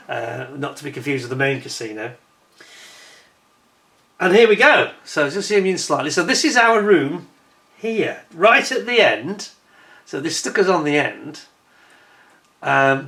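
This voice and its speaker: A man's voice: on the high side, a bit bright. A middle-aged man from Britain telling a rambling, chatty story over holiday photos, correcting himself as he goes. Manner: chatty, rambling, self-correcting, indignant when retelling complaints. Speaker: vlogger.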